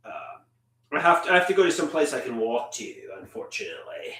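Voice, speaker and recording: A man's voice: on the high side, big pitch swings, a little fast, sharp tone, a little hiss or hum. Rambling man on a livestream. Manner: rambling, reads out viewer comments. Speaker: livestream host. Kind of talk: casual livestream chat. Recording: echoey room, distant mic.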